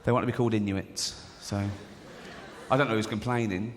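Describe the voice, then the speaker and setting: Recorded live through a stage mic in a large theatre, with long hall reverb, audience laughter and a little hiss or hum, an English comic in his forties swears and jokes freely while mimicking characters. His voice is on the low side, steady in tone and brisk.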